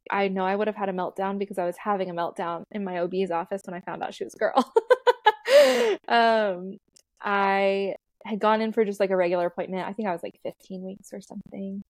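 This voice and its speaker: A woman in her thirties talks fast in a mid-range voice with fairly even intonation, a doula guest on a podcast recounting her birth story. She's chatty, laughing frequently and using fillers in this casual storytelling interview, captured dry with clean studio sound.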